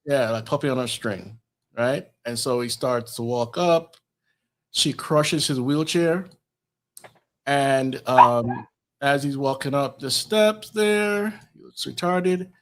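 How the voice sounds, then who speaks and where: A man's voice: mid-range voice, takes it slowly. A man on a podcast recapping a film's plot in casual chat, rambling along with lots of ums and restarts. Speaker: podcast co-host.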